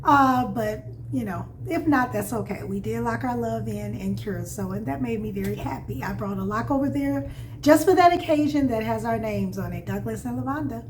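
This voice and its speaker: A woman from Chicago co-hosting a travel vlog, telling travel stories in a high-energy, animated way. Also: moderate pace, slight background noise. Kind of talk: casual travel chat.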